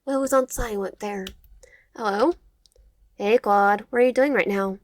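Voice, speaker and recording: A woman reading a dating game aloud, voicing the narration with expressive, sarcastic asides. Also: mid-range voice, normal speed. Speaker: gamer.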